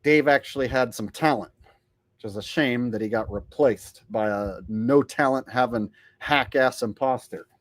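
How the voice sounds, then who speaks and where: A man's voice: medium pitch, moderate pace, dry recording. A man hosting a casual commentary monologue, sardonic and conversational. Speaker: commentary channel host.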